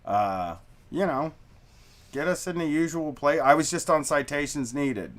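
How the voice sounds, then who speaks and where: A man's voice: on the high side, expressive, measured pace, fairly bright tone, slight background noise. A middle-aged man hosting a podcast in casual chat, talking in a loose, rambling way and swearing freely. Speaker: podcast host. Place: studio basement.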